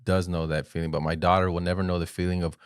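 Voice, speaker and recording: A man's voice: deep voice, fast, clean tone, dry recording, studio quality. A middle-aged man hosting a podcast, telling stories and acting out the quotes with lots of swearing. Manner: animated storyteller, acts out quotes, swears. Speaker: podcast host. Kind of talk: casual podcast storytelling.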